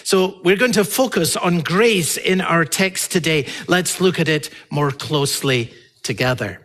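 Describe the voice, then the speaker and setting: Slow, earnest man preaching a sermon. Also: a bit bright. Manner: earnest, builds to emphatic peaks then drops low. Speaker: pastor.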